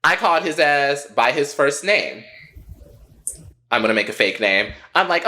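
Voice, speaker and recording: A man co-hosting a podcast, telling a story in a casual, profane and animated way. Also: fairly high pitch, moderate pace, pauses often. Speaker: podcast co-host.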